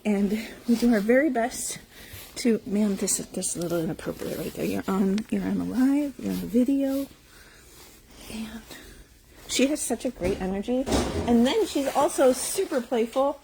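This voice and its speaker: A woman's voice: on the high side, animated, normal speed, gravelly, warm tone, a little hiss or hum, rough recording. A woman who runs an animal rescue, talking casually to her phone camera in a barn full of dogs. She speaks affectionately to the dogs and laughs often. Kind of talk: casual morning vlog. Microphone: handheld phone camera.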